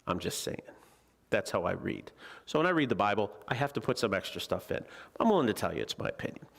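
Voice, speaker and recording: With a gravelly, fairly bright, fairly low voice, the man speaks fast in a sing-song way. He's a preacher in a church sanctuary giving a conversational sermon, joking, chatting, and asking the congregation questions as he teaches the Bible.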